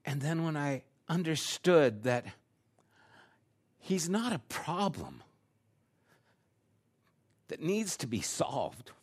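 An older man, a grandfather, preaching a sermon and telling a personal story, acting out his own lines and dropping to a hushed delivery at times. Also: fairly high pitch, sing-song, slow pace, long pauses, slightly rough. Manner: drops to a hushed, quiet delivery. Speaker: pastor.

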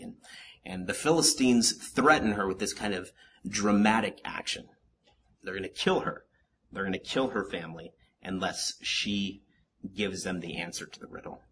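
A man preaching a Bible-study sermon in an animated, joking way, with asides to the congregation. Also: fairly low pitch, a little hiss or hum. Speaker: pastor teaching a Bible study.

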